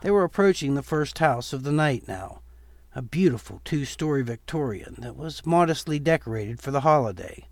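A man reading a Halloween horror story aloud in a steady, measured storytelling voice. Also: medium pitch, slight background noise. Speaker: narrator. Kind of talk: storytelling narration.

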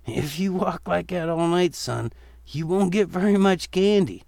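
A man's voice: high voice, animated, a little slow, gravelly, darkish tone, no echo, studio quality, voice pushed up, full character voice. A man voicing a good-natured father who teases his young son in a spooky story. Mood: teasing, fatherly. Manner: teasing, fatherly, turns stern.

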